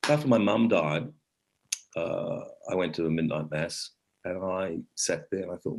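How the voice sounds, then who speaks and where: This guest actor and storyteller, a middle-aged Australian man, speaks in a low, unhurried voice over a rough recording. His casual conversational stories ramble warmly, with sentences frequently left unfinished.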